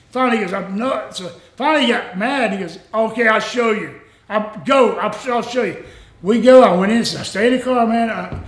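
An older man, a former wrestler telling stories in a rambling, animated way and laughing often. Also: high-pitched, roomy sound. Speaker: former pro wrestler, interview guest. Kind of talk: casual storytelling interview.

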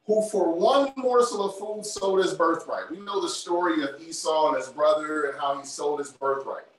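A man's voice: fairly high pitch, a little hiss or hum. A man preaching a sermon, driving his points home emphatically and repeating key phrases. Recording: very echoey, from far off.

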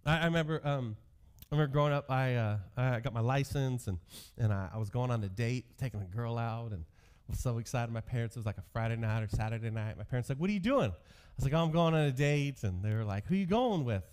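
A man's voice: medium pitch, fast, a little mellow, clear, resonant tone. A male pastor in his thirties giving a sermon, telling stories from his youth with self-deprecating humor.

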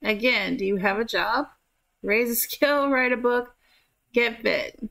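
A woman's voice: fairly high pitch, unhurried, creaky, a bit bright. A woman giving casual gameplay commentary, chatting to her characters and swearing offhandedly. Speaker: gameplay streamer.

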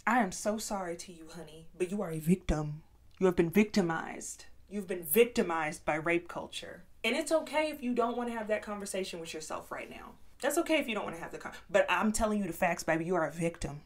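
A woman vlogger telling a personal story and giving commentary in a blunt, profane, emphatic way, swinging from hushed to loud. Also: fairly low pitch, animated, fairly quick. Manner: switches between hushed and loud emphatic delivery.

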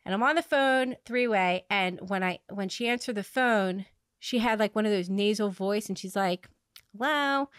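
A woman hosting a podcast, telling a long story in a rambling way, with many fillers and restarts, laughing at her own dark humor. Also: mid-range voice, moderate pace, clear, resonant tone, no echo, studio quality. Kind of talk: casual conversational storytelling.

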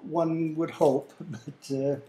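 A soft-spoken male interviewer with a slightly higher, mellow voice. He talks in a casual, agreeable way, and the room around him is roomy and echoing. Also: level tone, takes it slowly. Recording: roomy echo.

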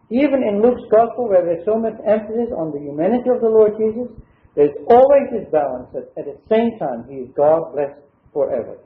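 Bible teacher man, echoey tinny recording. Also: high-pitched. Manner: measured, explanatory, with frequent "uh" pauses. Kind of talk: Bible study lecture. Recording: echoey room over a thin phone-like line.

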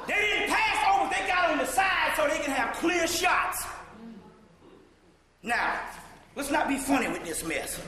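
A man giving a profane, animated storytelling lecture, often breaking into shouts and laughter. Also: extremely high pitch, unhurried, long pauses, crowd noise. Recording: echoey hall recording.

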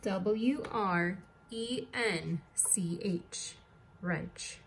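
A woman teacher walks a class through a recorded distance-learning lesson at an unhurried pace. She spells words out letter by letter in a patient way, at a middle pitch, with a faint hiss behind her voice.

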